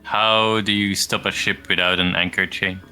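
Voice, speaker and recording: A man's voice: low voice, level tone, moderate pace, sharp tone, faint music behind. A man playing a tabletop game, easygoing and a bit hesitant. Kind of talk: casual play at a tabletop game.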